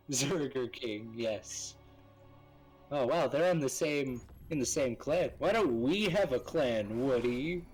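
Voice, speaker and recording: A man's voice: medium pitch, animated, takes it slowly, darkish tone, husky, soft background music, poor audio. A man chatting and joking in casual gaming banter with friends over voice chat. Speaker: gamer on stream.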